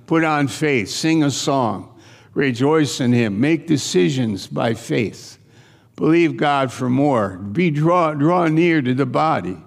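A man's voice: medium pitch, lively intonation, slow, gravelly, big-room sound. A man preaching a sermon in an earnest, conversational way, repeating his phrases for emphasis.

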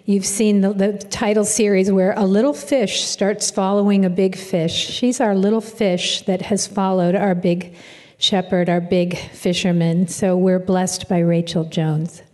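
A woman introduces the next speaker at a church women's seminar, speaking with fond affection. Her voice is mellow and soft-toned. It rings out through a reverberant hall. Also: mid-range voice, level tone, measured pace, hardly any pauses. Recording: echoey hall.

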